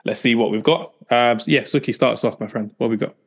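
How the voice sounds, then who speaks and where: Man, podcast host, rapid delivery, chatty, upbeat, mid pitch. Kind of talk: casual podcast chat.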